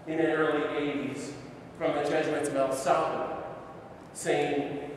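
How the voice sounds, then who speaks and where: Again storytelling in a big church hall, this middle-aged priest uses a steady, higher-than-average voice at a normal speed, climbing with passion to emphatic peaks. Slight background noise and echo come through the distant mic.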